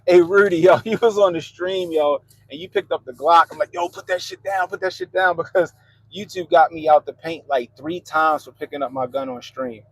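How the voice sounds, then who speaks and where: Here a man from Baltimore, Maryland, with a Baltimore accent hosts a livestream, reading comments and bantering in a loose, laid-back, profane way. His voice is on the high side with a breathy edge at normal speed, and the rough recording has no room sound.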